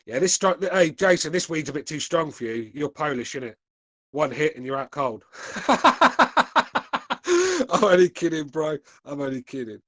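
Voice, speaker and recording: A man's voice: a little high, moderate pace, a bit bright, dry recording. Crude joking man on a podcast. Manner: crude, joking, mocking banter; laid-back and drawling. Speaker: podcast host reading live chat. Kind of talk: casual live-stream chat.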